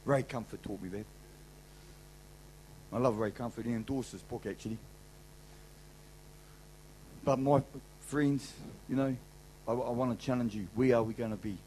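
A man's voice: mid-range voice, moderate pace, long pauses, slight background noise, poor audio. A middle-aged man with a New Zealand accent, giving an emphatic, colloquial sermon testimony to a convention crowd. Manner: emphatic, colloquial, swings loud and soft. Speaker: convention speaker.

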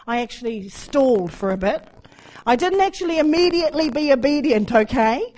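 A woman preaching, giving a testimony as an animated story and acting out the dialogue. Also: sits high, moderate pace, poor audio. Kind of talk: sermon testimony.

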